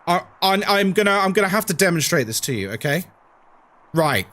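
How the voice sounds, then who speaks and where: A man streaming a game and chatting casually, telling rambling, animated stories and repeating himself a lot. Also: high voice, fairly quick.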